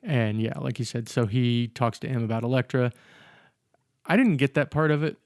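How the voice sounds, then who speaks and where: On a studio-quality dry recording, this film podcast co-host speaks in a mid-range, slightly mellow voice at normal speed. Discussing a movie casually, he rambles, corrects himself, and jokes his way through the plot.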